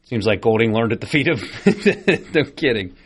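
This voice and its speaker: A man's voice: medium pitch, expressive, normal speed, breathy edge. A man hosting a sports radio show, chatty and opinionated, with frequent fillers. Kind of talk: casual sports talk radio. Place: radio studio.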